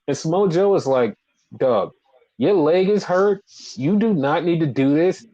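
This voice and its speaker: A man's voice: a little high, expressive, normal speed, warm tone, no room sound, muffled recording. A man co-hosting a casual wrestling podcast, ranting in a profane, exasperated way. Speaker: podcast co-host.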